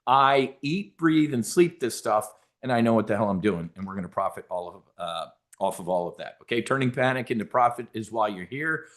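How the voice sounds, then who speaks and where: A man's voice: medium pitch, expressive, a little fast. Brash, folksy man giving market commentary. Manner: brash, folksy, emphatic, with frequent fillers and restarts. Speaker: options trading educator hosting a market briefing.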